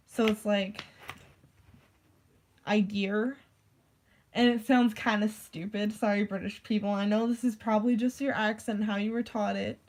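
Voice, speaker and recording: A young woman chatting casually to camera in a middle-pitched voice. She rambles, stacks "like" fillers and swears offhandedly. Her delivery is loose and conversational. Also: fairly even intonation, a little fast, hardly any pauses, darkish tone. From United States. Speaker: vlogger. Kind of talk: casual rant.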